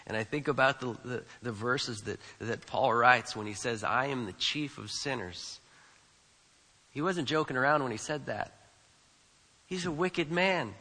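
In a big-room recording, a pastor preaches emphatically, repeating phrases and putting questions to the congregation. He speaks a little slowly in a mid-range voice with a sharp tone.

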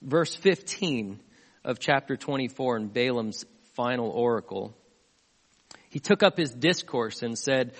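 A man pastor delivering a sermon, retelling a scripture story in an animated way, with asides to the congregation. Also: mid-range voice, a little slow. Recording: long hall reverb.

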